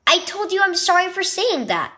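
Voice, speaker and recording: A woman voicing an older brother in a children's story, speaking quickly and earnestly. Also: extremely high pitch, very animated, pushed and bright, pitched above the performer's own voice, heavily acted. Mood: apologetic. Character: older brother, a boy babysitting.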